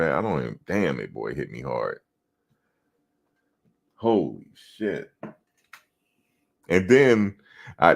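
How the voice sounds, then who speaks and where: His voice is extremely low and creaky. This man co-hosts a podcast, laughing as he tells loose, profane football stories in relaxed sports chat.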